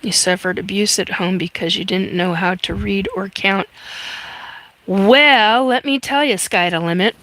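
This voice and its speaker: A woman in her fifties hosts a casual livestream, chatting and reading viewer comments aloud with many fillers. Her mid-range voice is a little slow and fairly bright, in a dry recording.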